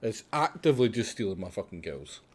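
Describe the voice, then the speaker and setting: Chatty low-voiced man commenting on gameplay. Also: very animated, brisk, husky. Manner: chatty, exasperated, explains tactics at length. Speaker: streamer playing a survival game.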